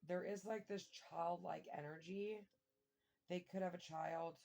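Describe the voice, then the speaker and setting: A woman giving a casual tarot reading, thinking aloud and breaking into excited exclamations and mild swearing. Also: on the low side, a little slow, vocal fry. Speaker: tarot reader.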